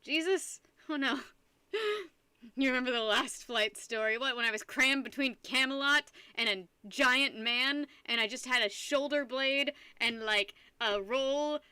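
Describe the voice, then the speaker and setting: A young adult woman streamer chatting casually with her live viewers, telling a rambling, animated story and laughing often. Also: fairly high pitch, clear, resonant tone, no echo.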